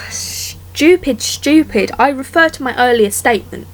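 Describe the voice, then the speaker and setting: A woman's voice: high voice, normal speed, slight background noise. A young woman retelling fairy tales with exasperated, sweary sarcasm. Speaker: vlogger. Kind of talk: sarcastic storytelling commentary.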